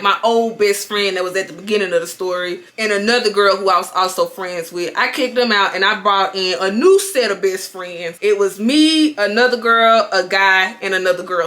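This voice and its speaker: A young woman vlogger telling a story in an animated, profane, laughing way. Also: mid-range voice. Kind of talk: casual storytime.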